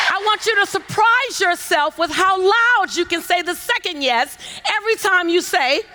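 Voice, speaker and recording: A woman giving a motivational keynote on a conference stage, coaxing the audience into call-and-response and building to shouts with repeated phrases. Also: very high voice, slight background noise. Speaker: motivational speaker. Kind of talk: keynote speech to a conference crowd. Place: large conference hall on stage.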